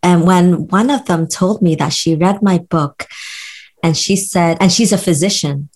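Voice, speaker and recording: A woman hosting a podcast, talking casually and warmly affirming her guest while reflecting on her patients. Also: fairly low pitch, unhurried. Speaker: podcast host; health practitioner with patients.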